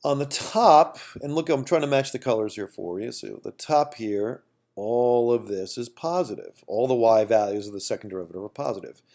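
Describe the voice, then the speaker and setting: A man's voice: medium pitch, normal speed, a little mellow. A man teaching a calculus lesson at a whiteboard in a casual way, repeating phrases and checking in with "okay?" and "right?". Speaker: math teacher.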